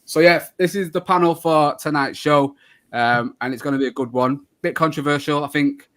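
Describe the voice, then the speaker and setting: A man's voice: on the high side, moderate pace, a bit bright. A man hosting a live football shirt show, chatting casually with many fillers and restarts. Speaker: podcast host.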